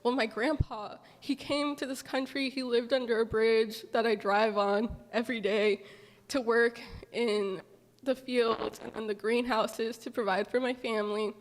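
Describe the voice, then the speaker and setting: A woman's voice: a little high, steady tone. Tearful young woman in a reverberant hall. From Southern California. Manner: halting, tearful, apologetic. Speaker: farm manager sharing a personal story. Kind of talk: emotional public testimony. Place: large hall at a community gathering.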